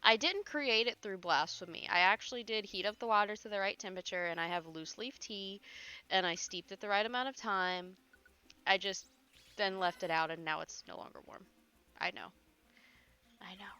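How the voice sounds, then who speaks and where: A woman's voice: medium pitch, normal speed, bright, forceful tone, clear, resonant tone. A woman streaming a video game, chatting casually and joking at her own expense, with the odd swear.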